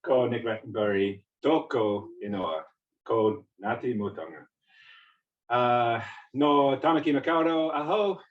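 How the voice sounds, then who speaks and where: A man's voice: mid-range voice, a little slow, highs cut off. A man in his forties with an English-tinged accent, giving a chatty, self-deprecating public talk as a visiting physics lecturer. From New Zealand. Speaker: guest speaker, physics lecturer. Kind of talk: public talk to a community gathering. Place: meeting house. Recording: roomy hall, distant mic.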